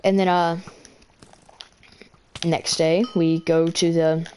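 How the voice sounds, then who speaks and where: A teenage girl with a slightly low voice rambles through a school story between moves in a game. She stumbles over words and restarts constantly, filling gaps with "uh" and "like". It sounds like a casual, unscripted storytime. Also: little pitch movement, takes it slowly, a little mellow, slight background noise. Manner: rambling, filler-heavy, self-correcting. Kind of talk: casual storytelling while gaming.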